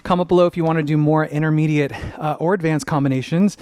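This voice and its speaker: A man's voice: on the high side, steady tone, fast, darkish tone, no echo. A young man teaching a dance class, upbeat and encouraging, counting the steps aloud.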